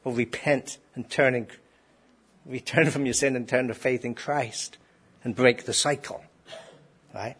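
A man's voice: medium pitch, fairly even intonation, measured pace, long pauses, fairly bright tone, slight background noise. A man preaching a sermon to a congregation in a conversational way, often asking rhetorical questions. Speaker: pastor.

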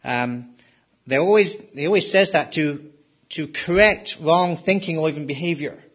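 Husky, emphatic male preacher. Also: on the high side, moderate pace, fairly bright tone. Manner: emphatic, rises and drops sharply for stress. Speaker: pastor. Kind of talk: sermon.

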